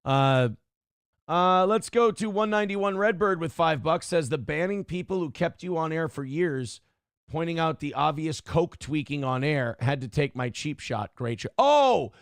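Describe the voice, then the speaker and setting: Brief: middle-aged male streamer, blunt and profane, slightly high gravelly voice. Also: moderate pace, no room sound, clean studio sound. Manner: blunt, ranting, swears freely. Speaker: streamer host reading chat. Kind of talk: casual livestream commentary.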